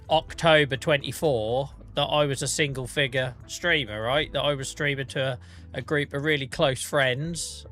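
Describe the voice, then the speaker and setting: A man's voice: fairly high pitch, pushed and bright. A man with a Norfolk accent, chatting casually to his live-stream viewers while gaming, self-mocking and laughing often.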